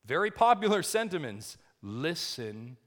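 A man's voice: very animated, a little slow. Dramatic male preacher, big swings. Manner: dramatic swings between loud rising emphasis and quiet low asides; asks the congregation rhetorical questions. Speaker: pastor. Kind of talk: sermon.

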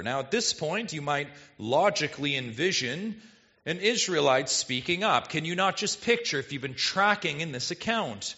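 A male pastor preaching an expository sermon, animated and full of rhetorical questions to the congregation. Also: medium pitch, moderate pace, muffled recording.

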